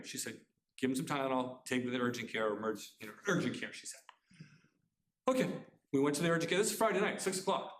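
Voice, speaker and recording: A middle-aged man telling a personal family story to a live audience, talking fast and earnestly, often restarting his sentences. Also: mid-range voice, fairly bright tone. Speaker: author giving a talk. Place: community center room. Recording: roomy hall sound.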